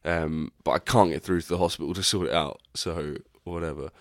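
A man's voice: a bass voice, steady tone, brisk, dry recording, clean studio sound. A young man hosting a podcast, talking candidly and rambling in a casual reflective monologue, swearing freely. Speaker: podcast host.

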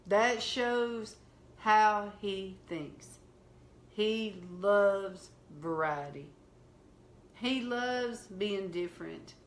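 A woman hosting a faith talk, telling a story in a slow, earnest way. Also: mid-range voice, echoey room. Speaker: host.

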